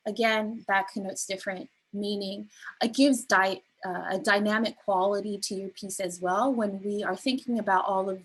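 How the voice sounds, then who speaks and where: A woman leading a beginner spoken word workshop, explaining delivery gently with frequent ums and restarts. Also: mid-range voice, husky, rough recording. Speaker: workshop facilitator.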